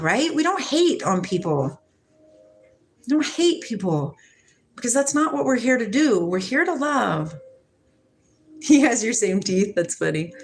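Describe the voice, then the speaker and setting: With slight background noise behind her, a woman in her forties from Washington state hosts a casual spiritual livestream, affectionately chatting with viewers and reading their comments amid frequent laughter. Her voice is on the high side.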